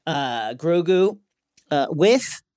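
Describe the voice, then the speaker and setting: A man's voice: fairly high pitch, animated, very slow, a little mellow, clear, resonant tone, dry recording, clean studio sound. A man co-hosting a podcast, recapping an episode in casual chat with a playful, joking manner. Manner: playful, retells scenes with quoted voices. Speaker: podcast co-host.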